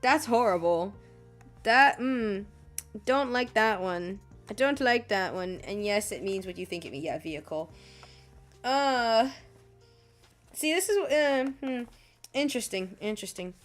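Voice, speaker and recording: A woman chats slowly and loosely while she draws on stream, her pitch swinging widely from high to low. She mutters exasperated asides to herself, swears casually and laughs often. Faint music plays behind her. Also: animated. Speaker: art streamer. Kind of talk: casual chat while drawing.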